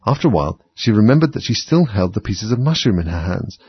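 A man narrating a storybook in a measured, lively way. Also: on the low side, husky, no room sound. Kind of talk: storybook reading. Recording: dull, dry lo-fi recording.

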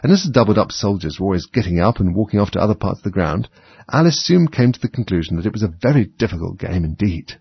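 A low-voiced man reading a storybook aloud, with a gravelly, husky grain and a lively, swooping delivery. The sound is dry and close, on a dull, lo-fi recording. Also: quick pace, dry recording. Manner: animated, dramatic reading. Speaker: narrator.

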